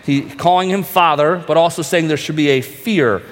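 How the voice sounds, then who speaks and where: A man's voice: fairly high pitch, moderate pace, long reverb tail. A man preaching a sermon as pastor, earnest and direct, asking the congregation rhetorical questions.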